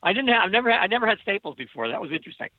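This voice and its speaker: A man's voice: high voice, very animated, racing, dry recording, phone-quality sound. A man speaking as a guest in casual conversation, telling stories wryly with hesitant restarts. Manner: wry storyteller, hesitant restarts.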